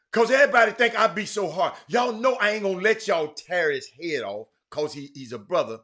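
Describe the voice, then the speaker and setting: A man hosting a sports talk show, speaking emphatically, swinging between loud outbursts and low asides. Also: expressive, fairly quick, hardly any pauses. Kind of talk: animated sports talk commentary.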